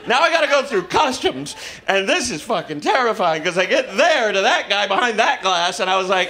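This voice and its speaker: A man doing a stand-up comedy set, telling stories in a halting, awkward way with deadpan self-mockery. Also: high voice, noisy background. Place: comedy club stage with audience laughter.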